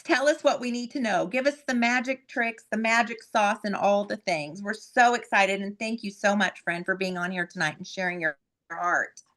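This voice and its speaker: A woman's voice: medium pitch, a bit bright. Effusive woman host introducing a guest. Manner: effusive, repeats words when emotional. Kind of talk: warm heartfelt introduction.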